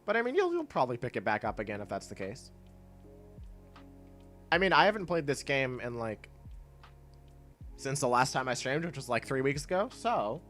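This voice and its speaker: A man streaming a game, chatting casually with his viewers in a laid-back, rambling way and laughing often, with soft music playing behind him. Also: mid-range voice. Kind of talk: casual chat while gaming. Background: soft chill music.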